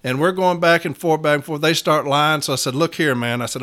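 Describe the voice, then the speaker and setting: A man's voice: fairly high pitch, steady tone, brisk, fairly bright tone. A man who is a union shop steward, telling a work story to his viewers in a blunt, profane, emphatic way and often addressing them directly. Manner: folksy, addresses listeners as y'all.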